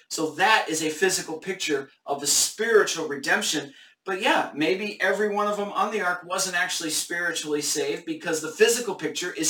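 A man's voice: a little high, pushed and bright, echoey room, recorded from a distance. A man hosting a casual Bible study discussion live on camera, thinking aloud with hesitant restarts.

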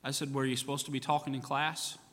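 Bright-voiced pastor preaching in a reverberant church. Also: male voice, mid-range voice, flat delivery, quick pace. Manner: folksy, repeats "you know what?", acts out quoted voices. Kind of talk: sermon. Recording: church sanctuary with long reverb.

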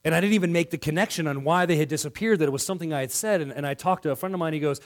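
A man preaching a sermon in a church, acting out quoted dialogue and swinging between loud passages and hushed ones. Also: on the high side, expressive, fast. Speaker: pastor.

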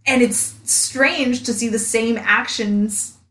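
A woman co-hosting a casual film podcast, enthusiastic and animated as she talks. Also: fairly high pitch, takes it slowly. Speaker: podcast co-host. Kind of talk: casual chat. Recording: echoey room.

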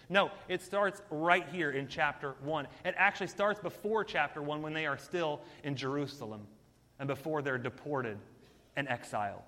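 A man preaching a sermon in an energetic, conversational way, talking straight to his listeners. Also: a little high, fairly quick, long reverb tail.

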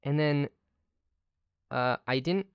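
A woman co-hosting a podcast in casual chat, joking and crude with quick asides. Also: deep voice, smooth, dry recording, highs cut off. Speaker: podcast co-host.

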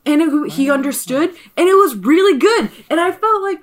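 A young adult woman telling a story in casual chat, animated and profane, full of filler likes. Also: high-pitched, moderate pace, few pauses.

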